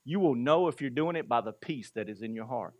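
A man's voice: medium pitch, expressive, brisk, a little mellow. A male pastor giving a sermon in a conversational way, asking the congregation rhetorical questions and chuckling between points.

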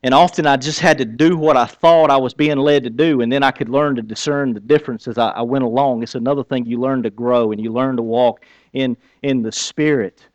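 Pastor guy preaching, chatty, goes quiet then gets loud and lively, dry close sound. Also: mid-range voice, fairly quick, dry recording. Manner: conversational preaching, swings from hushed to animated. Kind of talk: sermon.

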